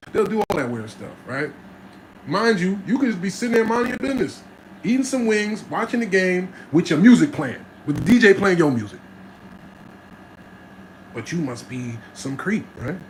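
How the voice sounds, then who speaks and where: A man telling stories in an animated, slangy way, often checking in with "right?" as an interview guest. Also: fairly high pitch. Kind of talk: casual storytelling chat. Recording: noticeable background noise.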